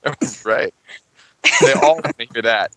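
A man chatting casually on a gaming podcast, rambling and joking, quick to laugh. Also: mid-range voice, a bit bright, dry recording. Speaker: tabletop game master on a gaming podcast.

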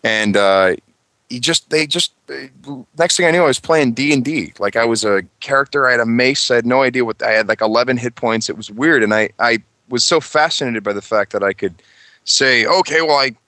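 Bright-voiced joking man on a podcast. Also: mid-range voice, no room sound. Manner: rambling, joking, quick to laugh. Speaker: tabletop game master on a gaming podcast. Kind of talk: casual podcast chat.

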